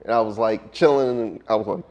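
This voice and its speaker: A man, a music producer speaking as an interview guest, talking in a relaxed, reflective way with frequent ums and trailing pauses. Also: on the low side. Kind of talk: casual interview conversation.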